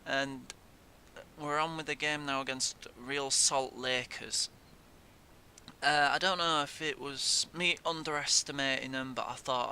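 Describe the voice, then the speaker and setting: A man's voice: steady tone, a little slow, sharp tone. A young man giving casual gameplay commentary, swearing in frustration at the game. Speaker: gaming YouTuber. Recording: faint noise and low rumble.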